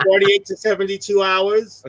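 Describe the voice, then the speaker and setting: A male co-host tosses out sassy, campy one-liners on a video call. His voice is high and bright and has a teasing edge. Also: big pitch swings, creaky, low-quality recording. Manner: sassy, quick joking banter. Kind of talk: campy casual chat.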